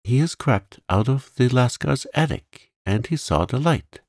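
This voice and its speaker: A man voicing a kind, imaginative young girl who talks in a soft, coaxing, crooning way. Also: mid-range voice, animated, measured pace, no echo, studio quality, pitched above the performer's own voice. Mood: joyful, coaxing.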